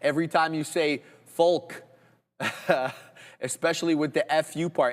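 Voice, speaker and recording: A man co-hosting a live trading stream, calling prices and chart levels in casual, excited commentary. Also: on the high side, in a large hall. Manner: excited, rapid ticker and price call-outs.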